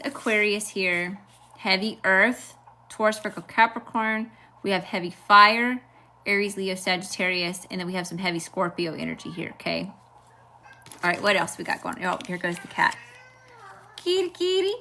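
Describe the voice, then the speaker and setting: A woman's voice: medium pitch, creaky, pushed and bright, a little hiss or hum. A woman with a Southern accent giving a live tarot reading, chatty and informal, peppering her talk with "okay" and "y'all". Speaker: tarot reader. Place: at home at a table.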